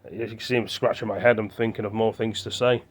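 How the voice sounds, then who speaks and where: A man's voice: on the low side, fairly even intonation, fast talker. A British man vlogging into his phone, rambling and thinking aloud with many fillers and restarts. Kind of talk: rambling casual monologue to camera.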